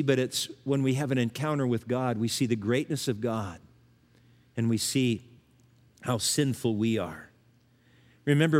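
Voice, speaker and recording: An older man preaching with earnest conviction, his slightly high voice rising for emphasis and then sinking low and quiet. A long church-hall reverb trails behind every phrase. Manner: earnest, swings between emphatic rises and hushed low lines. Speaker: pastor. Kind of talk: sermon.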